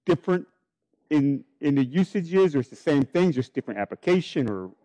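A man's voice: a little high, sing-song, a little fast, warm tone, low-quality recording. A man in a casual religious talk, asking questions and telling a family story in a conversational way.

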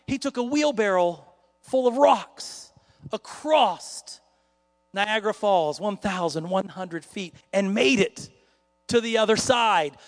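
A man preaching a sermon in a joking, conversational way that builds to loud dramatic peaks. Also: high voice, big-room sound.

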